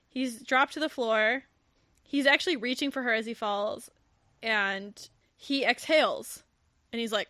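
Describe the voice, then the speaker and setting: Animated, bright-voiced woman podcast host. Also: a little high, unhurried, dry recording. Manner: animated storytelling, acts out quotes, swears and laughs. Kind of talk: casual book recap chat.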